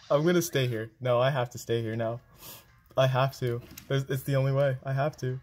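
A man giving live gameplay commentary, excitable and quick to groan and exclaim. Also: mid-range voice, faint music behind. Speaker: game video creator.

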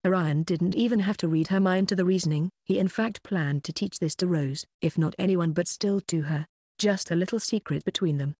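Synthetic audiobook narrator, steady even reading, mid pitch, dry close sound. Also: a little fast, no room sound. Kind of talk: scripted narration.

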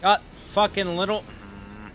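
A man's voice: high voice, big pitch swings, slow, vocal fry, a bit bright, soft background music. A young man giving profane, frustrated commentary while playing a game, trash-talking bosses. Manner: swearing, frustrated outbursts, mocking trash talk. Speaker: gaming streamer.

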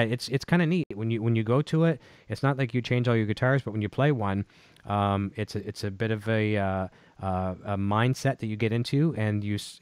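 A man hosting a casual show, reading viewer comments aloud in an easygoing way with lots of ums and uhs. His voice sits a little low and comes across smooth and clear. The sound is dry and close. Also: dry recording. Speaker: host.

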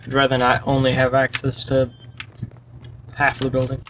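A man's voice: mid-range voice, completely flat delivery, moderate pace, fairly bright tone, a little hiss or hum. Man casually commenting on his gameplay. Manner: chatty, talking to himself while playing. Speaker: gaming channel host. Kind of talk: casual let's-play commentary.

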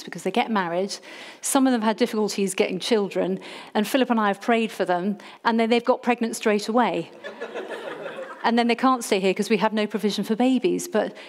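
A woman preacher giving a sermon, leading her congregation in call-and-response with a playful, energetic manner. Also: mid-range voice. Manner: lively, leads call-and-response, jokes with the congregation. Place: church service.

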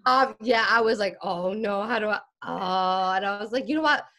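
A woman's voice: mid-range voice, normal speed. A young woman guest on a podcast telling a story in casual chat, acting out the dialogue as she goes. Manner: animated, acts out quoted dialogue, laughs often.

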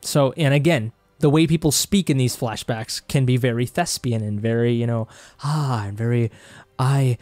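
A man's voice: medium pitch, normal speed, a little mellow, dry recording, faint music behind. A young man from Mexico with a Mexican Spanish accent, a native Spanish speaker, delivering a passionate, heated movie review monologue and swearing freely as he gets worked up. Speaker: film vlogger.

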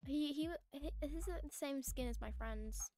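A woman's voice: high voice, moderate pace, mellow. A young woman chatting through a gaming livestream, mock-annoyed and humming to herself as she plays. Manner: chatty, mock-annoyed, sings and hums while playing. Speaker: streamer.

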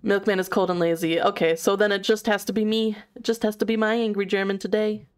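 A woman's voice: medium pitch, flat delivery, fast talker, smooth. A woman streaming a horror game in a giggly, chatty way, swearing casually as she plays. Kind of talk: casual live-stream chat.

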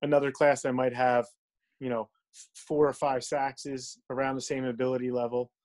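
A man's voice: medium pitch, flat delivery, moderate pace, darkish tone. Easygoing male band director, mid-range voice, explaining his school day over a video call. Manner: easygoing, explanatory, fillers like you know. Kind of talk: casual interview answers.

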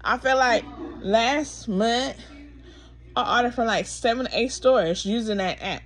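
A woman's voice: on the high side, a little slow. A woman vlogging a frustrated, rambling rant while drowsy from pain pills. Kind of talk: casual ranting to camera.

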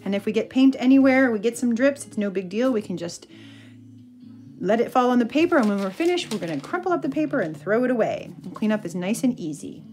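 A woman's voice: fairly high pitch, fast, faint music behind. A woman teacher reading a picture book aloud and pointing out the pictures, then leading an art lesson. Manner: expressive storyteller, pointing out pictures.

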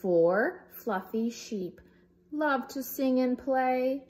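A woman's voice: high voice, lively intonation, extremely slow, darkish tone. A woman reading a picture book aloud for young children in a playful way, making animal sounds as she goes. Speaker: storybook reader.

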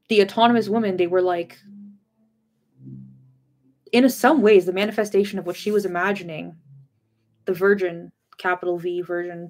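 A woman hosting a casual livestream book discussion, rambling and chatty, full of filler words and casual swearing. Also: on the low side. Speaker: host of a book discussion channel.

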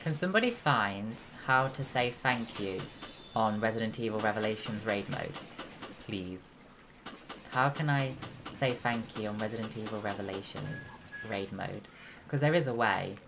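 A British woman chatting casually to her viewers while streaming a game, with sudden excited outbursts. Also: rumbling low, moderate pace, noisy background. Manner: chatty, talks to chat, bursts into excited shouts. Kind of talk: casual live gameplay commentary. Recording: loud game music behind.

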